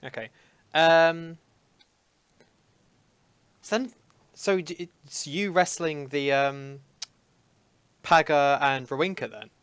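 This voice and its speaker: A man playing a tabletop game who asks things in a halting, questioning way. His voice is smooth and clean. The recording is dry and close. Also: a little high, fairly even intonation, fairly bright tone, no room sound. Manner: hesitant, questioning. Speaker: player.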